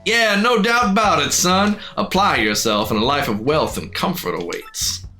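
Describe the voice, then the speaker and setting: A man's voice: on the high side, animated, very slow, fairly bright tone, soft background music, pitched above the performer's own voice, heavily acted. A man putting on a drawling country boss voice. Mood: folksy. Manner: drawling folksy country twang, calls everyone son. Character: boisterous folksy male club-wielding boss, old-timer.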